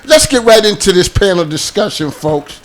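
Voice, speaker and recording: High, lively male talk show host. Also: moderate pace. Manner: joking, playful banter. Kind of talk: lively panel show hosting.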